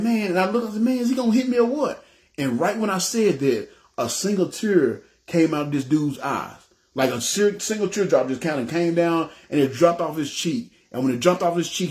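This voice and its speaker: A man with a Southern US accent telling his personal testimony, acting out the dialogue and often checking in with his listeners. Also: on the high side. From Memphis, US South. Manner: animated, acts out dialogue, keeps saying "you know what I'm saying". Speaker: ministry leader giving testimony.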